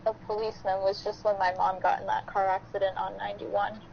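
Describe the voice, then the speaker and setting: A woman's voice: medium pitch, little pitch movement, fairly quick, vocal fry, slight background noise. A woman co-hosting a podcast, telling a story in a chatty way, heavy on "like". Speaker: podcast co-host. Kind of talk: casual storytelling chat. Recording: dull lo-fi podcast audio.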